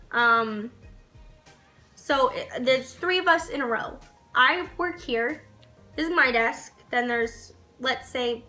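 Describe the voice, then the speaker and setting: A young woman vlogger telling a story to camera in a casual, animated way, swearing and laughing as she goes. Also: a little high.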